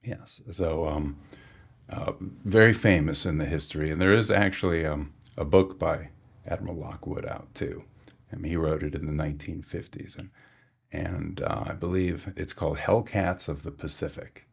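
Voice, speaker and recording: A man, a sonar engineer guest on a podcast, giving a technical explanation and often pausing with fillers and restarts. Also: very deep voice, fairly even intonation, creaky, slightly rough.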